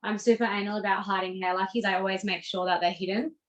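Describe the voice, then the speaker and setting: A woman's voice: mid-range voice, fairly even intonation, quick pace, slight background noise, low-quality recording. A woman with an Australian accent, chatting animatedly while she demonstrates braiding on a mannequin as the teacher of a hair lesson. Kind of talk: casual hair braiding tutorial on a video call.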